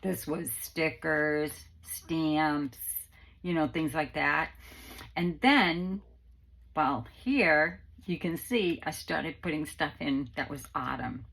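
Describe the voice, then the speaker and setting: A woman's voice: low-pitched, slow, vocal fry, a bit bright, poor audio. A middle-aged woman, chatting casually and rambling with many ums as she hosts her craft channel. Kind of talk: casual chat to viewers.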